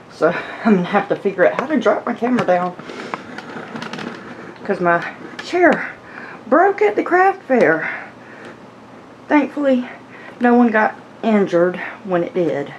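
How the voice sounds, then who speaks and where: A woman's voice: on the low side, moderate pace, dull audio, a little hiss or hum. A woman hosting a casual crochet tutorial from her floor at home, a little out of breath, chatty and rambling, laughing at herself. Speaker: crochet channel host.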